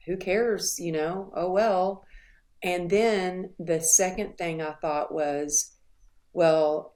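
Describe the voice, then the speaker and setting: Middle-aged woman guest, low register, earnest and reflective, halting now and then. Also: darkish tone. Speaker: podcast guest. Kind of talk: candid interview storytelling.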